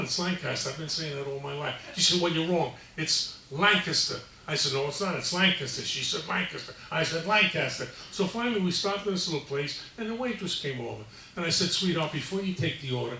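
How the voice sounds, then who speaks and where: A man telling a string of jokes, slipping into quick put-on voices for the punchlines. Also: fairly high pitch, lively intonation, vocal fry, pushed and bright, echoey room, recorded from a distance, a little hiss or hum, low-quality recording. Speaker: comedian. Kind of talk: stand-up joke telling.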